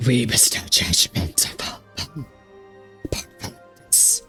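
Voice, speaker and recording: A man putting on a gravelly, hissing voice to read the lines of an arrogant, preachy ancient male ruler in a video game. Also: a little slow, sharp tone, faint music behind. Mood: menacing. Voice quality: gravelly strained put-on voice. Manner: hissing half-whispered villain delivery. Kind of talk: reading game dialogue aloud in character.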